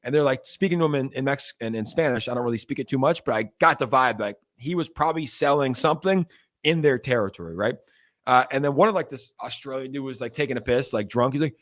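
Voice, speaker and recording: A man's voice: medium pitch, fast, a bit bright. A young man hosting a casual crypto livestream. He rambles loosely, with lots of fillers, and reads chat messages aloud.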